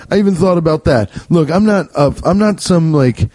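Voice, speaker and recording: A man hosting a podcast, telling a comic story in a rambling, profane, animated way. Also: moderate pace, dry recording. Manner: rambling, profane, animated, often jumping high. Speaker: podcast host. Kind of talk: comedic storytelling.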